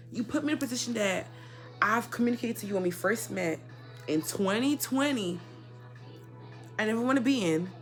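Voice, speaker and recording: A young woman telling a personal story in a casual, indignant rant, swinging between loud outbursts and quiet asides. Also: a little high. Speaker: storyteller vlogger.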